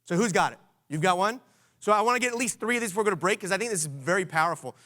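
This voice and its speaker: A man from Washington, D.C. hosting a conference session, coaching the audience in an energetic way and quizzing the room with questions. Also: high-pitched, racing. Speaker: conference host.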